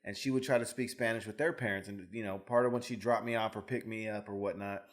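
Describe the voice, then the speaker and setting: A man's voice: on the low side, steady tone, quick pace. A man from Fresno co-hosting a podcast, trading joking, profane banter and telling stories from his childhood. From Fresno, California. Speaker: podcast co-host. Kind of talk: casual chat.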